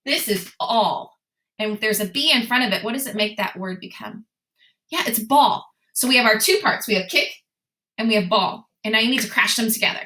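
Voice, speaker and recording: A woman's voice: medium pitch, brisk, sharp tone. A young adult woman teaching a phonics lesson to young children, asking questions and cheerfully answering them in a sing-song way. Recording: echoey room.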